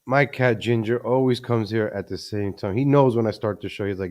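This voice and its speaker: A man's voice: fairly low pitch, a little fast, a little mellow. A man hosting a casual live stream from his home computer, chatty and easily distracted, often repeating himself. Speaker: livestream host. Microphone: desk microphone.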